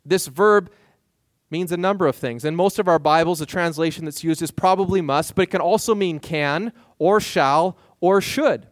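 A man preaching a sermon as pastor, lively and acting out the questions of biblical figures in his own voice. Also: a little high, moderate pace, no room sound, studio quality.

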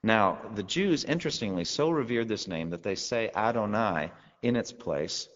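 Deep-voiced male preacher in a reverberant hall. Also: expressive, moderate pace, fairly bright tone, slight background noise. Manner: conversational teaching with rhetorical questions. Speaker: pastor. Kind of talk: sermon. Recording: long reverb, dull lo-fi sound.

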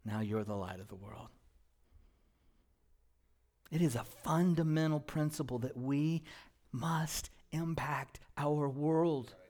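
A male pastor preaching a sermon in a church, moving from quiet, low passages to loud, emphatic ones. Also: slow, pauses often. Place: church sanctuary.

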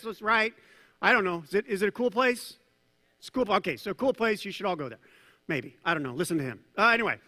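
A male pastor giving a sermon, conversational and animated, with jokes and asides to the congregation. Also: high-pitched, big-room sound. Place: church hall.

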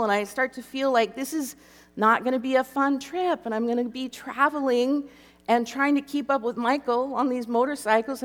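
A woman telling an emotional personal story to an audience and acting out the voices in it. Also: on the high side. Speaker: speaker sharing a personal story. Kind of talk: animated personal testimony to an audience. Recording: echoey hall reverb.

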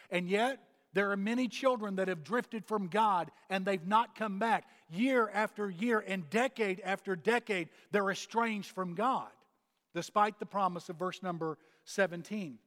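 A man preaching a sermon, pressing his points with repeated phrases and pauses. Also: high voice, fairly bright tone. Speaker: pastor. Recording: long hall reverb.

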